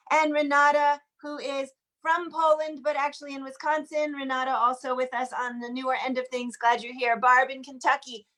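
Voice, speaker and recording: High-voiced woman hosting a video call. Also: fairly bright tone. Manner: chatty, greets each viewer by name. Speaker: host of an online sing-along. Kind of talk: casual welcoming chat. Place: home, in Washington DC.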